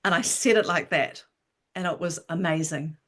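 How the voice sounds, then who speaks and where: A woman in her sixties, a writer and interview guest, telling her story with lively energy and frequent laughter. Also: fairly low pitch, normal speed. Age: 60s. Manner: animated storyteller, laughs often.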